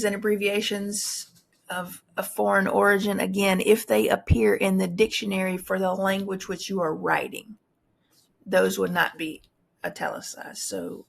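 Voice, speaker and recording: Gravelly-voiced woman teaching a writing tutorial. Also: mid-range voice. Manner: explanatory, frequent fillers and restarts. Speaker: instructor. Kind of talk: recorded tutorial lecture.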